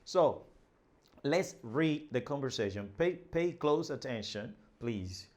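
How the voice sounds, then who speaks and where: Male teacher, mid-pitched, halting, explanatory lesson delivery with frequent fillers. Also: expressive, a little mellow. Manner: explains slowly with many fillers and restarts; reads dialogue lines aloud, then translates each. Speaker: language teacher. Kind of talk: spoken language lesson.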